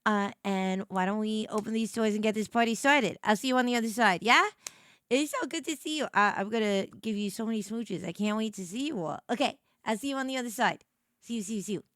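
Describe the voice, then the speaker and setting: A woman streamer chatting casually with her viewers, giggly and emotional, stammering through halting restarts. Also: mid-range voice, a bit bright, no room sound, clean studio sound. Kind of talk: casual live-stream chat.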